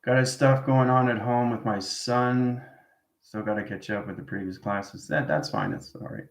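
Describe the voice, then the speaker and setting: A man's voice: mid-range voice, moderate pace. A man teaching an informal spiritual class, rambling and tagging his statements with "right?" as he goes. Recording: roomy echoey room.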